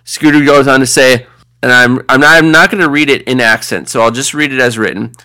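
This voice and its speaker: A man acting out a cheerful comedy podcast host who reads out letters and calms squabbles. His voice is bright and ringing, at an everyday pitch. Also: fairly quick, clean tone. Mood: upbeat. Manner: upbeat, mediating, reads listener letters. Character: upbeat male podcast host, peacekeeper.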